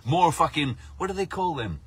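A man's voice: on the high side, animated, moderate pace, slightly rough, dry recording. A middle-aged man delivering a sweary, sarcastic comic rant about the news. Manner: sarcastic, mocking, swears a lot.

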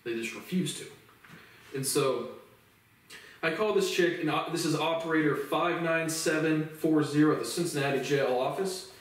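Man, twenties, angry profane rant, fairly high voice, heavy room echo, distant mic. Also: moderate pace. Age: 20s. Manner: profane, heated, repetitive restarts. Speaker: vlogger. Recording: very echoey room, voice far from mic.

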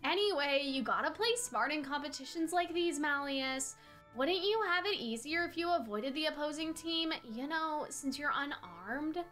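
A woman's voice: high voice, expressive, moderate pace, bright, forceful tone, soft background music. A woman voicing a laid-back, playful teenage boy with a casual, teasing way of talking. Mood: easygoing.

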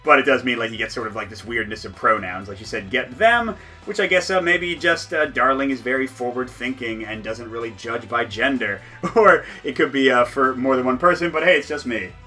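A man's voice: medium pitch, a little fast, hardly any pauses, sharp tone, soft background music. A man playing through a solo board game, reading the story text aloud and joking between rolls, often laughing.

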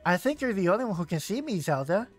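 A man's voice: high voice, big pitch swings, quick pace, soft background music. A man voicing a kindly, fussing old woman from a video game, reading her lines with playful relish. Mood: wondering. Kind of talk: reading game dialogue in a put-on voice.

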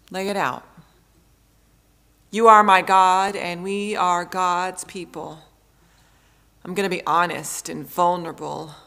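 A woman pastor in her thirties delivers a sermon at an unhurried pace. Her voice sits a little low, and she leans on repeated phrases for emphasis. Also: gravelly, a bit bright. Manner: slow, measured preaching with emphatic repetition.

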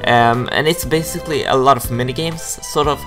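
A young man hosting a gaming video, giving casual gameplay commentary with frequent excited exclamations and giggles. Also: mid-range voice, brisk, music in the background.

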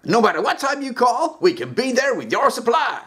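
A man's voice: very animated, normal speed, pushed and bright, slight background noise, heavily acted. A man voicing a hollering cowboy announcer in a spoof ad. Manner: hollering salesman pitch.

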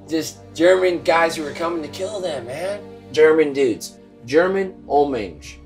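Tipsy man retelling history, rambling and crude, slightly higher voice. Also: lively intonation, a little slow, a little mellow, soft background music. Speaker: storyteller.

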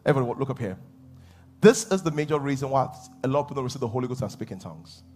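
Male pastor, husky and animated, swings his pitch a lot while preaching. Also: very fast, soft background music. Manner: animated preaching with laughs and acted-out asides. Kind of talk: sermon. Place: church hall.

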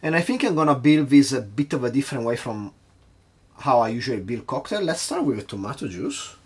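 A man's voice: mid-range voice, animated, a little fast, slightly rough. A man hosting a casual cocktail-making vlog at his home bar, chatty and hesitant, nervously poking fun at himself. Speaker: home bartender host.

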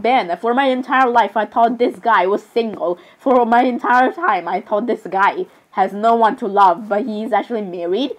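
Giggly young woman rambling over gameplay. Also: on the high side. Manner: rambling, giggly, says "literally" constantly. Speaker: gamer. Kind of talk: casual gameplay commentary.

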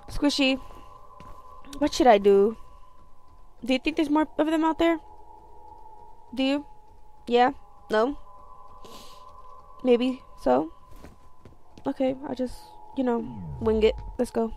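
A woman's voice: sits high, darkish tone. A woman giving gameplay commentary, chatty and talking to herself, cursing and getting panicky under pressure. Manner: chatty, talks to herself, swears, gets panicky. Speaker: let's play gamer.

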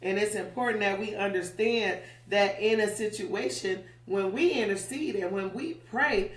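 A woman's voice: mid-range voice, normal speed. A woman teaching a Bible study in a conversational way, often checking in with "right?". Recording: roomy, distant mic.

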